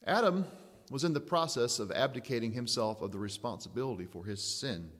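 A man preaching a sermon in a measured, emphatic way, asking rhetorical questions. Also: mid-range voice, lively intonation, a bit bright, in a large hall.

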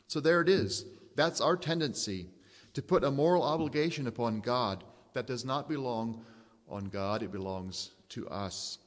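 A man preaching a sermon in a measured, emphatic way, asking rhetorical questions. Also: medium pitch, big-room sound.

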